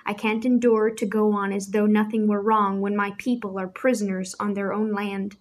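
A woman's voice: medium pitch, flat delivery, normal speed, lightly acted. A woman voicing a hot-tempered teenage boy who speaks rudely and with passion. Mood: impassioned. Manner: rude, passionate, defiant.

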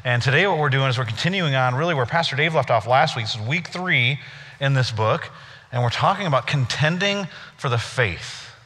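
A male pastor with a bright, forceful voice, telling a story to his congregation. His delivery is conversational, with playful asides. The sound carries a long reverb from a big church hall. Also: mid-range voice, animated, a little fast. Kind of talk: sermon.

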